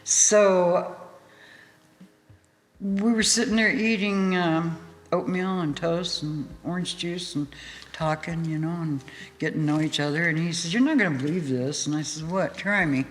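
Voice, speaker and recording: A woman guest in an interview, telling a story in a lively way, laughing often and acting out what people said. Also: fairly low pitch, measured pace. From United States. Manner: animated, laughing storyteller who acts out quotes. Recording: hall reverb with faint music.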